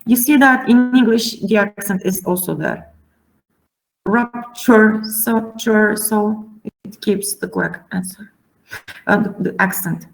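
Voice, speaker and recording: A woman giving a classroom lecture at an unhurried, deliberate pace. She breaks each term down step by step, counting and repeating as she explains. Her voice sits at an ordinary, middle pitch. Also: vocal fry, low-quality recording. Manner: methodical, spelling out terms slowly. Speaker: teacher.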